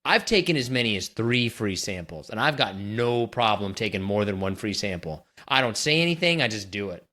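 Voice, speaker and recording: A man's voice: on the low side, sing-song, a little fast, pushed and bright. A man in his thirties co-hosting a podcast, teasing in a dry, casual way. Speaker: podcast co-host. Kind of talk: casual chat.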